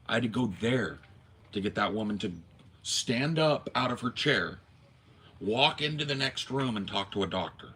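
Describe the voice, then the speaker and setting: A man hosting a casual talk show, telling stories with animated ranting and acting out phone calls. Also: on the low side, moderate pace, a little hiss or hum. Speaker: podcast host. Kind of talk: casual storytelling chat. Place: home.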